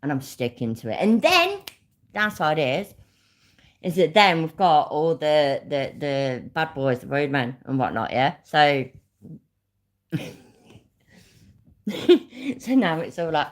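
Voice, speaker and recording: A woman's voice: very deep voice, big pitch swings, unhurried. A woman with a Leicester accent, a YouTube host talking bluntly and swearing freely in a casual livestream chat. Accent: Leicester English.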